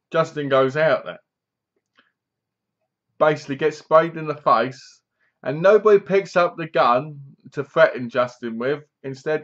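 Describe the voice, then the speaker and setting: A man recapping a horror film's plot in a rambling, casual way, dropping his voice low to quote the characters. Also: a bit bright, highs cut off. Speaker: film reviewer.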